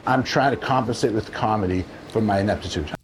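An actor playing a flustered drive-thru worker in comedic ad outtakes, improvising jokes. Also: male voice, fairly low pitch, fast, a little hiss or hum, close to an everyday voice. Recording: ad clip with busy crowd behind.

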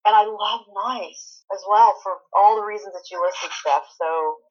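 A woman co-hosting a podcast in casual fan chat, hesitant and heartfelt, with halting restarts. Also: mid-range voice, highs cut off. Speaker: podcast co-host.

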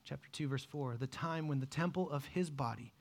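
A man preaching a sermon, animated, dropping to a hush and then rising loud as he acts out the people in the story. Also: on the high side, fairly quick, vocal fry. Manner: animated, swings from hushed to loud, acts out quoted voices. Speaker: pastor.

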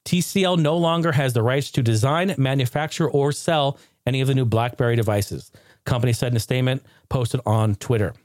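A man hosting a podcast in loose, casual chat, animated and quick to joke and swear. His pitch is middling and his voice sounds dry and close to the mic. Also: no room sound. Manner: animated, profane, joking. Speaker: podcast host.

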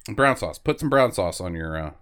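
A man co-hosting a podcast, chatting casually and joking about a movie in an animated way. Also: low voice, brisk, smooth. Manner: animated, joking, slips into silly quoted voices. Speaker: podcast co-host. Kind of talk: casual movie-review banter.

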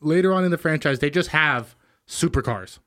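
A man's voice: fairly high pitch, moderate pace, sharp tone, no room sound, studio quality. A man co-hosting a casual podcast, telling stories with lots of fillers and restarts. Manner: rambling, filler-heavy storytelling. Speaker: podcast co-host. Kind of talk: casual chat.

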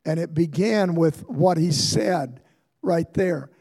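An older man preaching a sermon as pastor, telling stories and building to fervent shouts. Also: on the high side, slow, vocal fry, husky. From Ohio, USA. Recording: long hall reverb.

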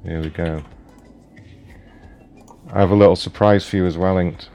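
A man hosting a prank call show, deadpan and mocking in casual chat. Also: deep voice, normal speed, soft background music.

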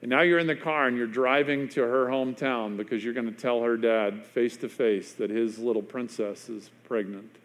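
A man delivers a sermon at middling pitch, telling a story slowly. He often drops low and quiet for emphasis, with long pauses between phrases. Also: steady tone. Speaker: pastor.

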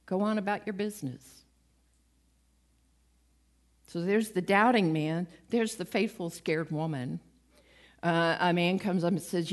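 A woman's voice: on the low side, normal speed. A woman giving a conversational sermon, retelling stories with acted-out quotes and a light, self-mocking humor. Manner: lively storytelling, acts out quoted voices, laughs at herself. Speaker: preacher.

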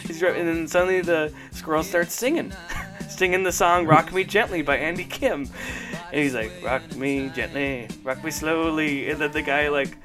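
A man co-hosting a casual podcast chat, rambling excitedly and laughing often as he talks. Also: on the high side, moderate pace, music in the background. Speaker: podcast co-host. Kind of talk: casual chat about old commercials.

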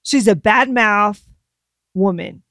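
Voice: medium pitch, takes it slowly, bright, forceful tone, no room sound, studio quality. A podcast co-host agreeing with the host and giving disapproving commentary.

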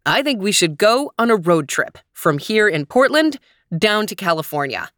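A woman's voice: medium pitch, big pitch swings, moderate pace, fairly bright tone, no room sound, clean studio sound. A woman reading as an eager dad with big plans. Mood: enthusiastic. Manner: upbeat, persuasive. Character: cheerful scheming dad full of big ideas.

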